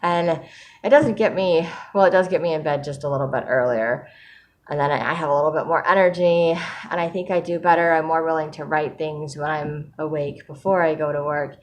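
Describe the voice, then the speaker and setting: A woman talking candidly in a reflective personal vlog, earnest and open, with soft laughs and fillers as she speaks of gratitude and faith. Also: low voice, steady tone, a little fast. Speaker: vlogger sharing a daily writing video.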